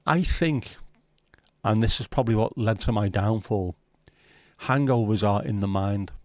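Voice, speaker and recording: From his home, with a window nearby, a middle-aged livestream host reads out viewer comments and chats in a relaxed, profane manner. His lowish voice is unhurried, with no room sound.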